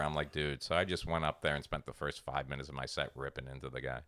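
A man's voice: rumbling low, steady tone, fast, hardly any pauses, pushed and bright, clean tone. A man in his forties telling a story in casual chat, profane and exasperated, acting out the other people in it. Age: 40s. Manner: profane, exasperated ranting with acted-out quotes. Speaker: comedian podcast co-host.

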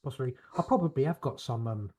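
A man chats casually as a podcast co-host, peppering his speech with fillers and blunt swearing. His voice sits at an ordinary middle pitch for a man. The noise of a crowd is clearly heard behind him. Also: lively intonation, fast talker. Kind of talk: casual chat.

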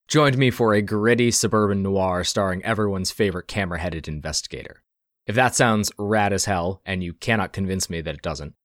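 A man hosting a tabletop role-playing podcast, reading announcements briskly and narrating scenes as game master. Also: fairly low pitch, a bit bright, no echo, clean studio sound. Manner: quick, upbeat host reads, slower scene narration.

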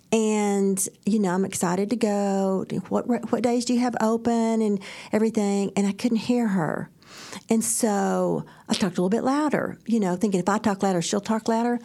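Middle-aged woman with a gravelly voice, animated storyteller, laughs a lot. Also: medium pitch. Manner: animated storyteller, laughs often, acts out quotes. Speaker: podcast co-host. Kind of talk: faith-based casual chat, storytelling.

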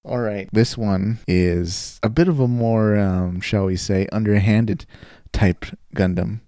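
A man's voice: lowish voice, sing-song, slow pace, warm tone, no echo, studio quality. A man co-hosting a casual podcast, joking and laughing often, with playful mock-dramatic asides. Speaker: co-host.

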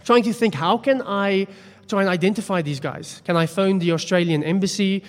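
A man's voice: sits high, normal speed. A man preaching a sermon, telling a story in a chatty, self-deprecating way. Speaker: pastor. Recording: long hall reverb.

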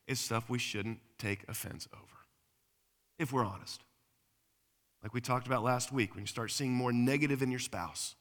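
A preacher delivers a marriage sermon, his bright, forceful voice rising into loud emphatic bursts and dropping into low asides. The sound carries a long reverb, as if recorded in a large hall. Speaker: pastor.

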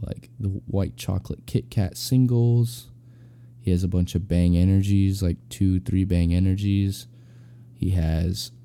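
A man's voice: low-pitched, creaky, warm tone. A young adult man casually telling a personal anecdote, rambling and slangy with lots of fillers. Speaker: storyteller.

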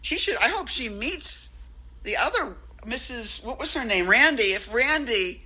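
Woman poet guest, bright tone, rambling and self-interrupting. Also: fairly high pitch, animated, measured pace, slightly rough, low-quality recording. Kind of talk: casual interview chat.

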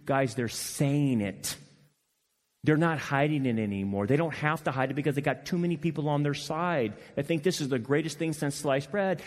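A man preaching a sermon as pastor, impassioned and animated, addressing the congregation directly. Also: mid-range voice, long reverb tail. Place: church sanctuary.

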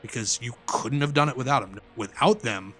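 Male indie wrestler guest, bright forceful tone, lively storyteller, faint music underneath. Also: medium pitch, brisk. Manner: animated anecdotes, laughs while telling. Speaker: independent pro wrestler, guest. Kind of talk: casual storytelling interview.

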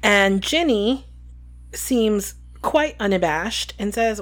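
Her voice sits a little high, expressive and unhurried, as she and a co-host go over a book chapter on their podcast. She's casual about it, quoting lines while retelling the scenes and saying "um" a lot.

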